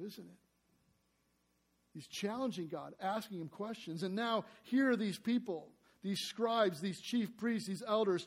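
A man preaches a sermon in a high, light voice. He is earnest and keeps turning to the congregation with rhetorical questions. When he reads scripture aloud, he gives the words weight and emphasis.

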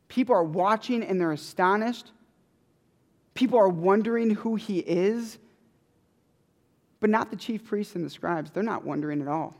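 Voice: mid-range voice, darkish tone. A preacher giving a sermon in an emphatic, conversational way, with lots of repetition. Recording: long hall reverb.

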